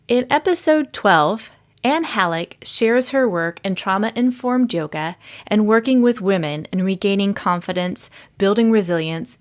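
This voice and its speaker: A middle-aged woman hosting her own parenting podcast, speaking calmly and earnestly, pausing to pose reflective questions to listeners. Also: medium pitch. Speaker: podcast host, leadership coach. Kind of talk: solo podcast monologue.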